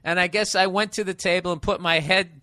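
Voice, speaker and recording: A forceful, middle-aged man hosts a comic advice podcast, reading letters and mocking them in loud, profane riffs. His voice sits fairly high and comes through on a dry, close studio mic. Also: fairly even intonation, brisk, no room sound. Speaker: podcast host.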